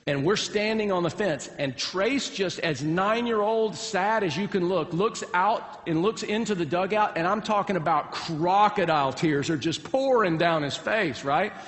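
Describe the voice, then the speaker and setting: Man, pastor, lively folksy sermon storyteller, fairly high voice, long hall reverb. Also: moderate pace, hardly any pauses. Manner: animated, folksy, humorous storytelling.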